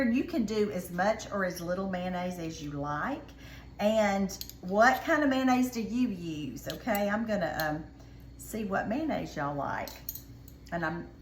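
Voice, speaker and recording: A woman's voice: mid-range voice, fairly bright tone, slight background noise. Chatty Southern woman, echoey kitchen. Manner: chatty, folksy, addresses viewers as y'all. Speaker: cooking show host. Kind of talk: casual cooking demonstration.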